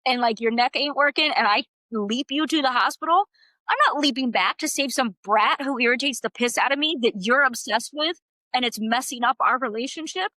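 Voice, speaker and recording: Bright, sassy woman co-host. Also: sits high, brisk, no echo. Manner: blunt, sassy, swears freely. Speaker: podcast co-host. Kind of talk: casual book-club chat.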